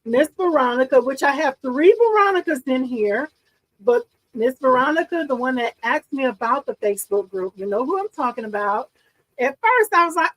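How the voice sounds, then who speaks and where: A woman's voice: high-pitched, brisk, rough recording. A bubbly, chatty woman, hosting a casual livestream and talking to her viewers. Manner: bubbly, excitable, chatty, often laughing. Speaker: livestream host. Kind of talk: casual live-stream chat with viewers.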